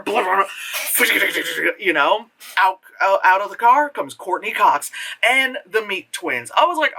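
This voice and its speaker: Vlogger reviewing a film off the cuff; bright, lively delivery, loose and profane. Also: normal speed. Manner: rambling, loose and profane, full of fillers; animated, jumps into high voices for retold reactions. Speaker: movie reviewer. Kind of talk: casual spoken film review.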